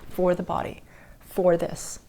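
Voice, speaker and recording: Low-voiced woman telling a spiritual story. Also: monotone, unhurried. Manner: earnest, drops to soft whispers at tender moments. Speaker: podcast host. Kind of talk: personal storytelling on a spiritual podcast.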